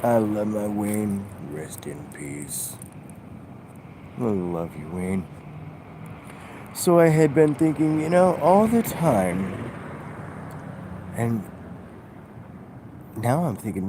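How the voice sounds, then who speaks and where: A man vlogging a halting, musing spiritual monologue, full of fillers. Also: fairly low pitch, lively intonation. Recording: outdoor traffic noise.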